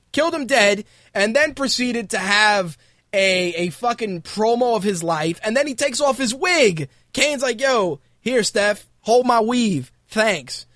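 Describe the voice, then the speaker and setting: A man with a high voice runs his own talk show, riffing in a loose, mocking rant peppered with profanity. The sound is dry and close, with little room around it. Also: no echo. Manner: profane, mocking rants, animated. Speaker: podcast host. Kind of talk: casual wrestling commentary.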